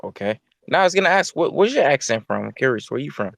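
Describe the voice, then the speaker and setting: A man's voice: mid-range voice, very animated, quick pace, gravelly, noisy background. A man calling into a livestream, laid-back and joking, who often repeats himself. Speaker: caller. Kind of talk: casual call-in banter.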